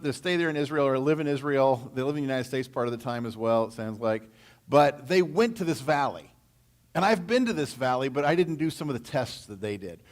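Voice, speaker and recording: A man leading a casual verse-by-verse Bible teaching, telling it in a folksy, storytelling way with slang and asides. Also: mid-range voice.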